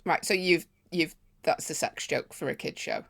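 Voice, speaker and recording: A woman co-hosting a casual podcast, teasing her co-host with quick, witty comebacks. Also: sits low, lively intonation, gravelly, fairly bright tone. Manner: teasing, quick-witted retorts. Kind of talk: casual chat.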